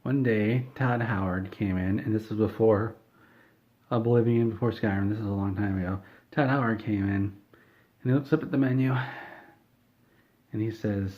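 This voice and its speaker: A man telling an absurd comedic story in a deadpan, matter-of-fact way, with a few hesitations. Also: fairly low pitch, normal speed, pauses often. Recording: dull lo-fi recording.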